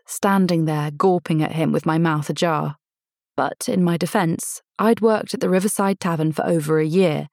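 A woman narrating a first-person novel in a measured, intimate storytelling manner, lightly voicing the dialogue. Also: on the low side, a little mellow, no room sound, studio quality. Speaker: audiobook narrator.

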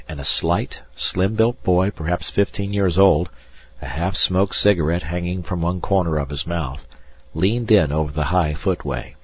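A man reading a novel aloud as an audiobook narrator, unhurried and giving each character a voice. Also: deep voice, slightly rough, no echo.

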